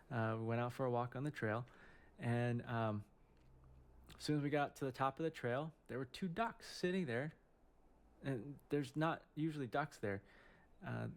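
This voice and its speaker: A middle-aged man, a surgeon, telling a personal story in a casual, halting way with many fillers and restarts. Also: mid-range voice, vocal fry.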